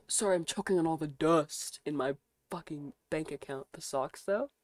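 A young American woman with a deep voice chats casually on a stream, swearing freely and reacting aloud as she browses. There's no room sound.

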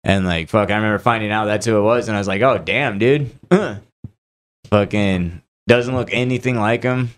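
A man with a fairly low voice joins a casual podcast chat. He swears freely and chimes in with quick reactions and short recollections. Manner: profane, chiming in with quick reactions.

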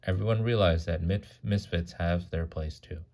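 A man reads a children's picture book aloud at bedtime in a deep, low voice. He is animated and stops now and then to gasp and comment. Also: moderate pace. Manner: animated, gasps and comments mid-story. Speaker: parent reading to a child. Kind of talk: bedtime storybook reading.

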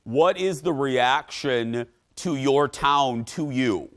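A man hosting a TV talk show, lively and quick with asides, laughing often. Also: mid-range voice.

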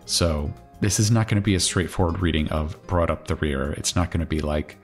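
A man's voice: sits low, a little fast, soft background music. A man casually thinking aloud as he solves a crossword, musing and correcting himself with chatty asides.

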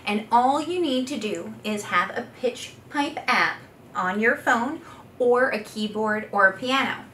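The speaker is a woman, a speech pathologist and singer, whose slightly high, pushed, bright voice has lively intonation and a somewhat slow pace. She patiently guides a vocal exercise lesson step by step, singing demonstration notes. There's slight background noise, room echo, and she's a little far from the mic.

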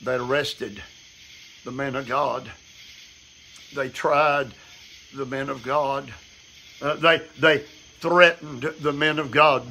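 A man's voice: mid-range voice, steady tone, slow pace, pauses often, sharp tone, a little hiss or hum. A man preaching an evening devotional sermon from his front porch, emphatic and repetitive.

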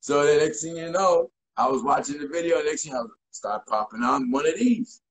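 A man in his forties, a guest in a casual interview, telling stories in an animated way and acting out quotes. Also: on the high side, moderate pace, low-quality recording. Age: 40s. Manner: animated, acts out voices and quotes.

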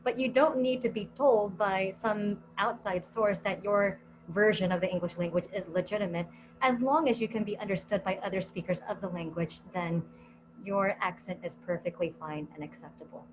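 Filipina woman on a teacher panel, thoughtful and measured, clear hum behind her. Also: mid-range voice. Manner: thoughtful, measured, uses fillers while thinking. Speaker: co-host and English teacher. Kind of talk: casual panel discussion.

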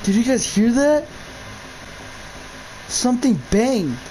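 A man's voice: very high-pitched, very animated, takes it slowly, mellow, a little hiss or hum, low-quality recording. A young man commentating his own gameplay of a horror map, jumpy, swearing a lot and yelping at scares. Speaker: gamer.

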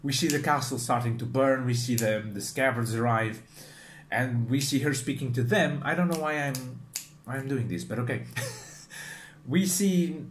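A man hosting a casual reaction video, talking in a chatty, animated way and often restarting his sentences. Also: medium pitch. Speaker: manga reaction video host. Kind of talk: casual commentary.

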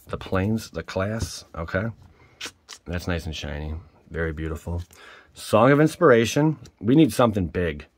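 A man hosting his own channel, giving casual, excitable commentary while opening card packs and exclaiming at each pull. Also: deep voice, moderate pace, no echo. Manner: peppers speech with mild swears.

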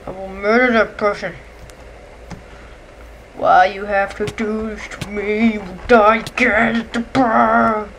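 A woman giving casual gameplay commentary, excitable and chatty, yelling and shrieking when monsters attack and chatting to the creatures. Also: mid-range voice, slow, slight background noise. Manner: excitable, shrieks and yells at enemies; chatty, talks to game creatures. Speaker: let's play gamer.

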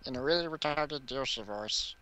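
A man's voice: mid-range voice, moderate pace, pushed and bright. A man on a voice call with friends during a game, making crude teasing jokes. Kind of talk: casual chat over a voice call while gaming.

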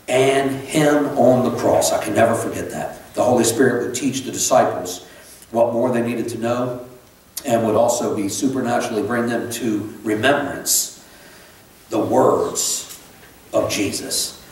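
A middle-aged male pastor delivers a sermon in a chatty, unpolished way, looping back on his phrases and breaking off for asides. His voice rings through a very echoey sanctuary, picked up from some distance away. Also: fairly low pitch. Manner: conversational preaching with many restarts and asides. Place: church sanctuary. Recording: echoey church from far off.

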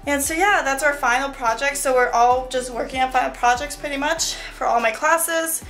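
A young woman rambles cheerfully to her camera in her bedroom, her voice sitting a little high. She is slightly out of breath and full of fillers and laughs, with faint music underneath. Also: normal speed, fairly bright tone. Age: young adult. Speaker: vlogger. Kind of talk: chatty vlog.

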